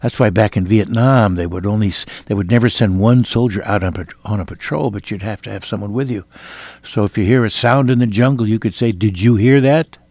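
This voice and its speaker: Older man preaching with hushed, earnest swings. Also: lowish voice, a little fast, no echo. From Iowa, United States. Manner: earnest, dramatic shifts between loud and hushed. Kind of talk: sermon with personal testimony.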